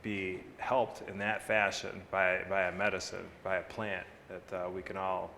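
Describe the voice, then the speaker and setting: A man interviewing a guest on stage at a seminar, measured and affirming, in a large hall. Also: low voice, flat delivery, creaky, pushed and bright, slight background noise. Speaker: attorney, interviewer. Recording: long reverb of a seminar hall, faint audience.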